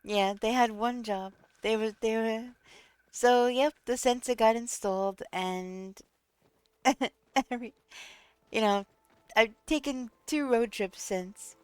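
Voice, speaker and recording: Giggly slow-talking New woman streamer. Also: fairly high pitch, clean tone, dry recording. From New York. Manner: giggly, laughs often between short remarks. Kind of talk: casual live-stream chat.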